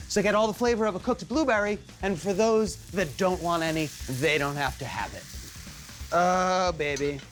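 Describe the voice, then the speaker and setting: A man hosting a cooking show, playful and theatrical, joking as he cooks and swinging between high exclaims and low asides. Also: a bit bright. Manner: theatrical, jokey, big swings in pitch. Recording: light background music.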